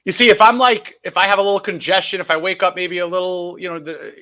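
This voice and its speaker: A man from New York co-hosting a casual sports podcast, excitable and joking at his own expense. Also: high-pitched, quick pace. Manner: excitable, self-deprecating banter. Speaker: podcast co-host.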